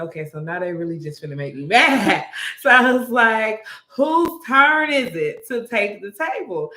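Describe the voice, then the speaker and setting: Young woman telling a workplace story. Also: medium pitch. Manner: animated storyteller who acts out quotes. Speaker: restaurant manager and podcast co-host. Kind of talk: casual storytelling chat. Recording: echoey room.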